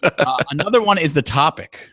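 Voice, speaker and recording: A man's voice: on the high side, expressive, moderate pace, sharp tone, no room sound. A man co-hosting a casual podcast, rambling and self-deprecating with lots of fillers. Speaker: podcast co-host.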